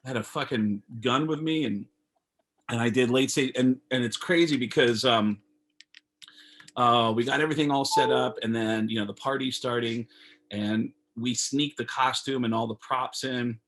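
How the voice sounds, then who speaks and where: Brief: male comedian, mid-pitched, animated, swears freely, video-call sound. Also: moderate pace. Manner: animated, profane, acts out dialogue. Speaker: comedian guest. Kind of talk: casual storytelling.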